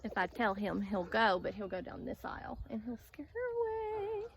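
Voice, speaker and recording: A woman's voice: sing-song, moderate pace, slight background noise. A woman talking casually outdoors on her farm in a vlog, explaining her garden chores and calling her chickens in a sing-song voice. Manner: chatty, calls chickens in a high sing-song voice. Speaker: farm vlogger.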